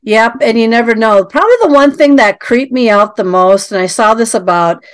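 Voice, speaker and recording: A woman's voice: on the high side, moderate pace. A woman hosting a casual interview, asking long, hesitant questions full of restarts and hedges. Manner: rambling, hesitant, hedging questions. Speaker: interview host.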